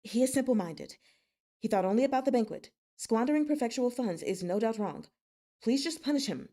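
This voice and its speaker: A woman's voice: on the high side, animated, warm tone. A woman reading as a male officer begging for mercy. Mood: pleading. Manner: pleading, hurried.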